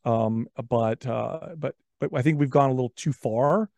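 A man's voice: medium pitch, moderate pace, vocal fry, darkish tone, no echo, lo-fi sound. A man in casual podcast conversation, telling stories animatedly and often repeating words as he talks. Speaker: podcast guest. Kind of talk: casual chat.

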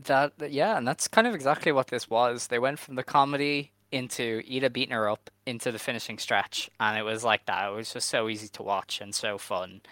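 A man hosting a podcast, recapping in relaxed casual chat. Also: medium pitch, a little fast, few pauses, no echo. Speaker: podcast host.

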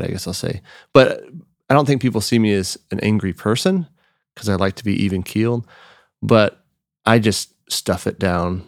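A man in his forties, a guest musician telling a family story in relaxed, casual chat. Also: low-pitched, gravelly, no room sound, studio quality. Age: 40s.

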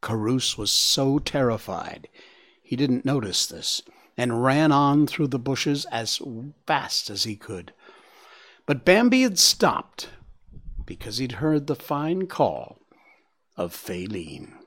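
A man narrating a story aloud in an expressive audiobook style. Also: medium pitch, takes it slowly.

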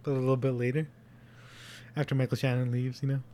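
A man's voice: mid-range voice, little pitch movement, fast, warm tone, a little hiss or hum. A man in a casual movie discussion, chatty, and he acts out lines from the film as he goes.

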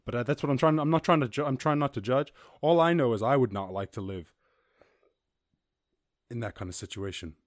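A man hosting a casual podcast, ranting about the news in a profane, animated way, full of laughs and asides. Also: medium pitch, a little fast, long pauses, no echo, clean studio sound. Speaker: podcast host.

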